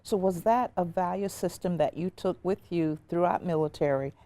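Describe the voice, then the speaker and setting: A woman hosting an interview show, asking measured, thoughtful questions. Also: fairly low pitch, warm tone. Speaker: talk show host.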